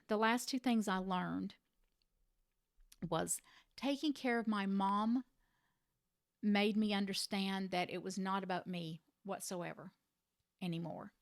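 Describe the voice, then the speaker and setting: A middle-aged woman who cared for a parent, telling a personal story to the camera in an earnest, reflective way with gentle emphasis. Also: medium pitch, no room sound, clean studio sound. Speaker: family caregiver sharing advice.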